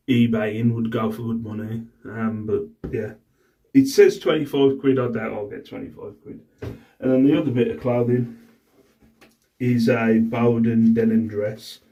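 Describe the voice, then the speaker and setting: Man, middle-aged, rambling vlog chat, mid pitch, set back from the mic. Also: warm tone, far from the mic. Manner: rambling, exasperated, swears freely. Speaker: reseller vlogger.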